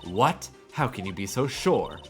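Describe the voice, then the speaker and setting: A crotchety old lady guard snaps at everyone and calls them whippersnappers, as a man reads her lines. The voice sits low for a woman, with a scolding, indignant bite. It is a figure read aloud during a game playthrough. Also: big pitch swings, a little slow, soft background music. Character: cranky elderly female security guard.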